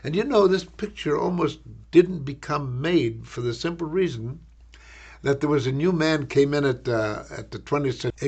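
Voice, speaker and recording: An older man, an actor, recalling a film shoot in a rambling, halting interview anecdote, repeating words as he goes. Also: on the high side, lively intonation, darkish tone, breathy edge.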